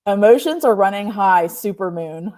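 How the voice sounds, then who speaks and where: A woman's voice: mid-range voice, expressive, moderate pace, darkish tone. A woman hosting a live stream, reading oracle cards and chatting with viewers by name, laughing often. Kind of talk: casual live-stream chat.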